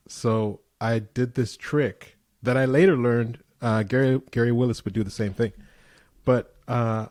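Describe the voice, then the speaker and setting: A middle-aged man guest in an interview, telling relaxed anecdotes with easy laughter. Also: medium pitch, no room sound, clean studio sound. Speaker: guest musician. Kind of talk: casual interview chat.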